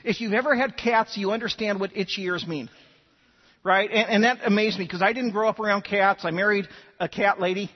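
A man's voice: sits high, a little fast, in a large hall, muffled recording. A man preaching a sermon, telling stories and often repeating words as he starts sentences. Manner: animated storytelling, repeats words when starting. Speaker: pastor.

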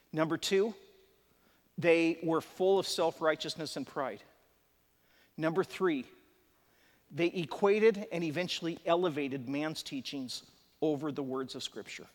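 Male preacher, fairly high voice, chatty but emphatic delivery, reverberant hall sound. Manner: conversational and emphatic, with asides and chuckles. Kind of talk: live sermon teaching.

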